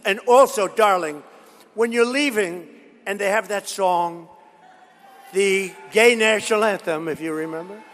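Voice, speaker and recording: A reverberant hall carries a man's rambling political rally speech, full of boasting, repetition, and tangents into storytelling. His voice is high and fairly bright, and he speaks at an unhurried pace.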